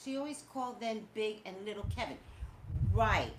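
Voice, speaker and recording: A woman hosting a casual live-stream talk show, gossiping in an animated way and talking straight to her viewers. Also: mid-range voice, moderate pace. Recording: echoey room with faint noise.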